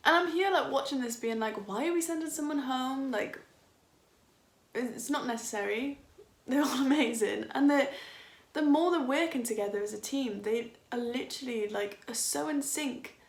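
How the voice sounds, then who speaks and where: A young woman in her twenties chats through a dance reaction, enthusiastic, rambling and quick to laugh. Her voice sits a little high and has a gravelly fry. She records in a room with noticeable echo. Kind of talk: casual reaction chat.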